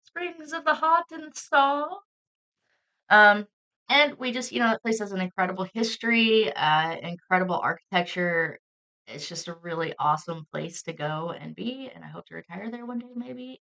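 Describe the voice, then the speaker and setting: Woman with a gravelly, creaky voice. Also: fairly low pitch, normal speed. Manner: chatty, relaxed, with frequent fillers. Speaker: podcast co-host. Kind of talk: casual podcast chat.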